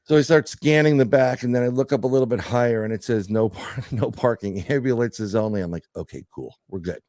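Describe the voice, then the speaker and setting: A middle-aged man telling a story in casual podcast chat, animated and joking, with some swearing. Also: medium pitch, brisk, no echo, clean studio sound. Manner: animated storyteller, swearing, laughing through jokes. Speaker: podcast guest.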